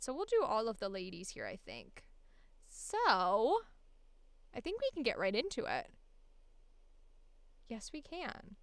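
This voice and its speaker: A woman voice actor in a casual, animated chat about voice acting, laughing often as she talks. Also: fairly high pitch, unhurried, long pauses, no echo.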